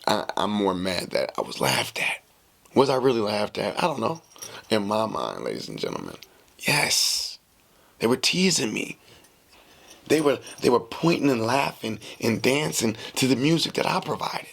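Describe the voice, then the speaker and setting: A man hosting a podcast, telling a casual story in a slangy, animated way and acting out the dialogue. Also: on the low side, moderate pace, gravelly. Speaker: podcast host.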